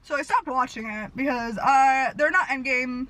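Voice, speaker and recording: A woman in her twenties, a vlogger rambling through stories in casual chat, talking fast and animated with lots of "like", recorded in a car. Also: high-pitched, low-quality recording. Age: 20s. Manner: fast, animated storytelling with frequent "like". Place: parked car.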